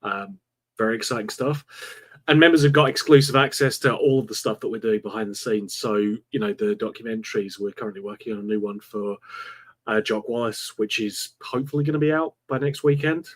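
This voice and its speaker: A man's voice: fairly low pitch, fairly quick. A man co-hosting a football podcast, talking earnestly and with strong opinions. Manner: earnest, opinionated, frustrated about the manager. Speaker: podcast co-host. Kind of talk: casual football podcast chat.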